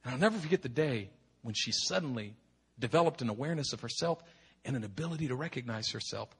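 A middle-aged male pastor preaching a sermon with impassioned emphasis, swinging from hushed tones to shouting and repeating words for effect. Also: mid-range voice, lively intonation, fast talker, husky. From United States.

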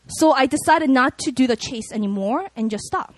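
A woman delivers a sermon mixed with personal stories, her voice pitched high and very lively in range. She talks casually and expressively, with plenty of fillers. The sound is dry and close. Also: fairly quick, few pauses, no room sound. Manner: animated, expressive, conversational with many fillers. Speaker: preacher.

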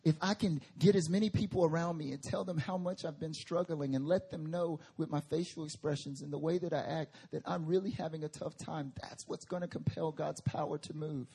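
A man's voice: a little high, steady tone, brisk, vocal fry, few pauses, warm tone, breathy edge. A male pastor preaching a sermon at a church service, conversational with emphatic bursts.

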